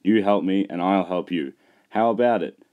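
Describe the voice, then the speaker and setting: A man's voice: low-pitched, moderate pace, phone-quality sound, lightly acted. A man voicing a big, proud and grand male express engine in a storybook reading. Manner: grand, chortling. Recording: music behind, poor mic.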